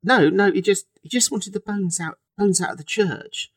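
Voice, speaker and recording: A woman's voice: mid-range voice, normal speed, husky, dry recording, studio quality. A woman voicing a nervous male coffin maker with a British accent, stammering and hesitant. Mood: flustered.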